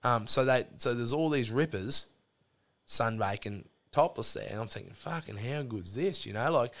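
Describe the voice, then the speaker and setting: A man's voice: medium pitch, moderate pace, fairly bright tone. An Australian man, a podcast guest, telling long rambling stories in casual chat, full of swearing and fillers.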